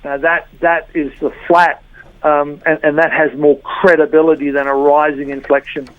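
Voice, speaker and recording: A woman's voice: sits low, little pitch movement, normal speed, no room sound. Woman on a tinny phone line. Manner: explanatory, with many fillers and repeats. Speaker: body language trainer. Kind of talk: phone interview guest.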